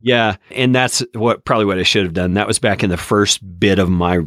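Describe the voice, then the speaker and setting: A man with a lowish voice, talking easily in a casual podcast chat. He tells his stories in a relaxed, reflective way. The close, dry sound keeps him right at the ear. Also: brisk, no echo. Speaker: podcast host.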